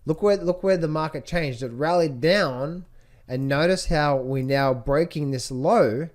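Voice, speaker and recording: A man talks through trading charts in a teaching voice, his pitch sitting a little high for a man. He repeats key phrases and keeps throwing rhetorical questions at the listener as he points things out. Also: unhurried. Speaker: trading educator. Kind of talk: screen-share chart walkthrough.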